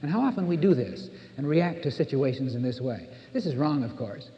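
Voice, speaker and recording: A man's voice: mid-range voice, expressive, fairly quick, warm tone. An older American man giving an earnest sermon as a minister, repeating words for emphasis. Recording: dull old cassette recording in a reverberant hall.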